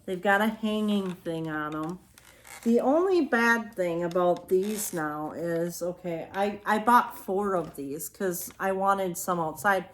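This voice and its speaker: Taking her time, a fairly low-voiced woman shows off her new home decor finds in a relaxed, rambling chat, often pausing for apologetic side comments.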